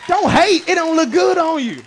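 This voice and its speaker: Preacher, man, very high voice, comic sermon, shouts for emphasis. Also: moderate pace, a faint crowd, slight background noise. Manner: lively, joking preacher with shouted bursts. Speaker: pastor. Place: church sanctuary.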